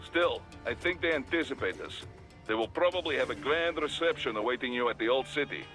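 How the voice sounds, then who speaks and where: An actor playing a brisk male military commander who briefs a soldier. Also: mid-range voice, animated, bright, forceful tone, faint music behind. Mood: briefing.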